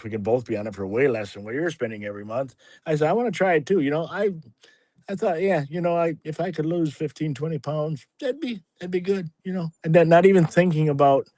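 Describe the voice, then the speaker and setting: Man in his sixties, guest telling his story, halting and rambling, mid-pitched voice. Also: darkish tone, no room sound. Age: 60s. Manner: rambling, halting, with many restarts and fillers. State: a little emotional at times. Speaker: guest sharing a testimony. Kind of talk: casual spoken testimony on a livestream.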